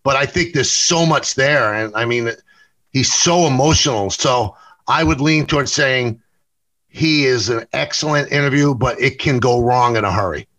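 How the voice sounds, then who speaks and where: Bright-voiced New York man telling stories. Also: medium pitch, poor audio. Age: middle-aged. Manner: storytelling, quick self-corrections, repeats words. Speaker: sportscaster and interview show host, guest here. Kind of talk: casual interview conversation.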